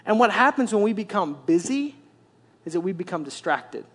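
A man pastor preaching a sermon, telling the story in an animated way with repetitive, emphatic phrasing. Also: high-pitched, normal speed.

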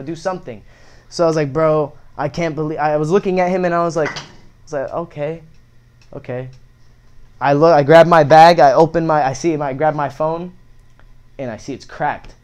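A man's voice: on the high side, quick pace, clear, resonant tone. A young man telling a story in casual chat, swearing a lot and acting out the lines of the people in it. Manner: profane, animated, acts out quotes.

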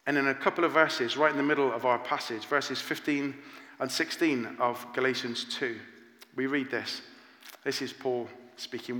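Man preaching in an echoey hall. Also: medium pitch. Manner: earnest, animated preaching with rhetorical questions. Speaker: pastor. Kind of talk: sermon. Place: church. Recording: echoey church hall with long reverb.

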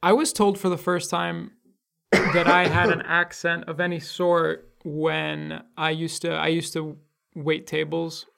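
A man from New York with a New York accent, a podcast co-host talking in a measured, laid-back way. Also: fairly high pitch, completely flat delivery, creaky, fairly bright tone, clear, resonant tone. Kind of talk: casual chat.

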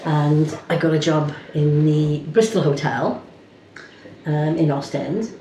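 An older woman with a Cardiff accent tells her stories in a low, chatty voice and laughs as she goes. She is recorded in an echoey room, with clear noise behind her. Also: slow, dark tone. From Wales. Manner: chatty storyteller, laughs through her tales. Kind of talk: casual group reminiscing.

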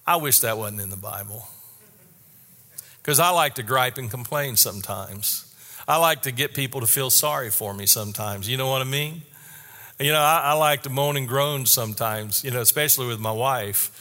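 A man's voice: medium pitch, sharp tone. Earnest man preaching in a reverberant hall. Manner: earnest, candid, repeats key statements slowly. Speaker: pastor. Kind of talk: sermon.

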